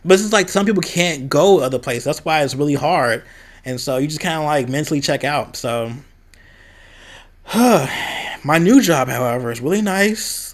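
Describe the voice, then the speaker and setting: Young man, Midwestern, casual vlog, candid venting, slightly high voice. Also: animated, moderate pace. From American Midwest. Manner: candid, venting, quoting others in a raised voice. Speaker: vlogger.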